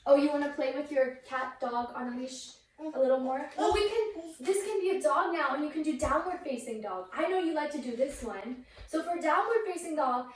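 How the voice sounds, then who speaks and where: A young woman teaching a yoga class with a toddler, playful and sing-song, breaking into animal sounds. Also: high-pitched. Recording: very echoey room, mic at a distance, faint noise.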